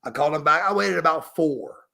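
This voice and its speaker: A man's voice: fairly high pitch, expressive, brisk, vocal fry, bright, forceful tone. A middle-aged man, emphatic and profane, telling a story as a podcast guest. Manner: emphatic, profane, refers to himself by name. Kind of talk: storytelling interview.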